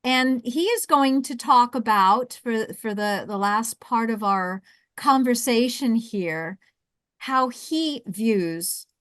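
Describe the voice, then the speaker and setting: A woman with a South Jersey accent hosting a webinar, coaching with lively restarts and repeated words. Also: mid-range voice, dry recording. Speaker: webinar host and intercultural coach.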